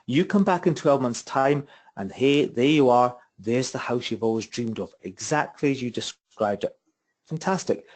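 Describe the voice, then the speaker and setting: A man's voice: medium pitch, moderate pace, darkish tone. A man giving a property investment webinar as mentor, chatty and repetitive, asking his listeners rhetorical questions over a computer mic. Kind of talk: webinar presentation. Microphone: computer mic on a webinar call.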